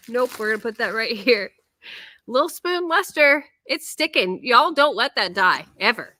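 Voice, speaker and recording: A woman's voice: sits high, sharp tone, a little hiss or hum. A woman, hosting a casual chat, bubbly and giggly as she reads fan letters aloud. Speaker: host opening fan mail.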